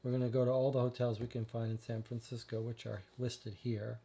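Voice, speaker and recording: A man's voice: medium pitch, flat delivery, brisk, vocal fry, mellow, husky. A man playing a detective game, thinking aloud about where to search next and reading the text on screen. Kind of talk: casual let's-play commentary and reading.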